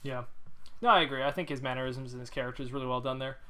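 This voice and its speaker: A man co-hosting a casual movie podcast, talking in an excited, rambling way with lots of fillers. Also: medium pitch, very fast. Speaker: podcast co-host. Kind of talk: casual movie-review chat.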